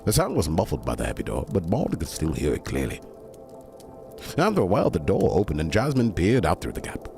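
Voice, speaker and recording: A man's voice: deep voice, huge pitch swings, brisk, gravelly, darkish tone, faint music behind. A man reading a bedtime story aloud to a stream, breaking off for chatty, digressing asides.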